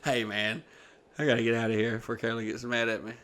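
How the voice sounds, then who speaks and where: A man's voice: mid-range voice, fast. A young man hosting a podcast, telling a long comic story in a casual, profane way and acting out the people in it. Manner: profane, animated, acts out quoted people. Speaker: podcast host.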